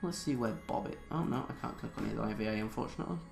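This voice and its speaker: Hesitant gamer man, gravelly voice. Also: mid-range voice, racing, roomy sound, over music. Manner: hesitant, thinking aloud with many fillers. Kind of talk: let's play commentary, reading tutorial text aloud.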